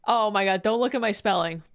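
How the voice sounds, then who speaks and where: A woman streamer giving casual reaction commentary on a video, playful, laughing often and swearing freely. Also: mid-range voice.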